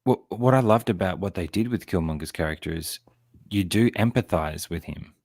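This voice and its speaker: A man with a very low voice hosts a relaxed film chat, joking as he goes. The sound is dry and close, with no room around it. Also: normal speed, dry recording. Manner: chatty, joking, reads viewer comments aloud. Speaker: host. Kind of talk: casual chat about films.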